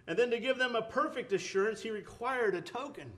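A man's voice: very high-pitched, brisk, fairly bright tone. A man preaching a sermon, earnest, with rising emphatic bursts, often repeating words and restarting phrases.

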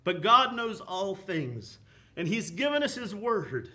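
Man, preacher, high voice, sermon, surging and dropping cadence. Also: very animated, slow pace, bright, forceful tone. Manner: impassioned, rising and falling preaching cadence.

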